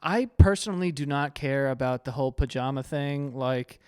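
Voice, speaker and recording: A man's voice: medium pitch, moderate pace, a little mellow, smooth. A man reacting to dating advice in a loose, crude, joking way, often laughing and doing mock voices. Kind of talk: casual reaction commentary.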